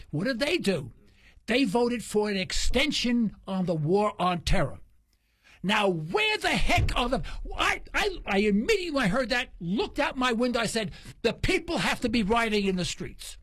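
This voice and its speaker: A man with a very high-pitched voice hosts talk radio, telling stories casually and animatedly while acting out the voices and quoted dialogue of the people in them. The recording is dry.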